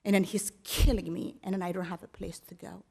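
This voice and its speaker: A middle-aged woman from Ethiopia with an Ethiopian accent, speaking earnestly at a ceremony podium and telling her own life story in halting, non-native English. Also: lowish voice, steady tone, vocal fry, warm tone, slightly rough. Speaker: guest speaker at an awards ceremony. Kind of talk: personal testimony speech. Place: county board chambers.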